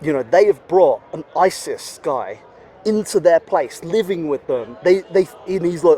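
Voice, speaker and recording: A man's voice: a little high, lively intonation, measured pace, dark tone. A man talking as a podcast guest in casual conversation, rambling with many fillers and swearing bluntly. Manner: rambling, heavy with "you know" and "like" fillers.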